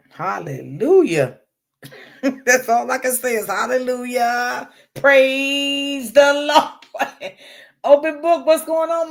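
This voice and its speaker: A woman hosting a casual live stream and reading the chat out. She laughs often, calls on the Lord and swears freely. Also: a little high.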